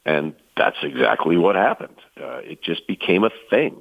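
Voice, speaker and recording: Male guest broadcaster, very low and gravelly, dry thin line, chatty storyteller. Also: sing-song, moderate pace, dry recording. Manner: storytelling, many fillers and restarts. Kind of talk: casual chat. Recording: tinny phone-like line.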